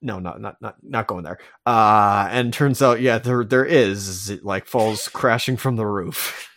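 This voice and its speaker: His voice is on the low side and a bit bright, unhurried, captured in a dry, studio-quality recording. He's a podcast co-host in a casual discussion, rambling, interrupting himself, and pressing his argument with emphasis.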